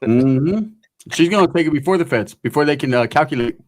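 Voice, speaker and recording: A man's voice: fairly high pitch, lively intonation, fairly quick. A man co-hosting a live-stream chat, joking around and swearing casually. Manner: joking, profane, easygoing. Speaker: co-host.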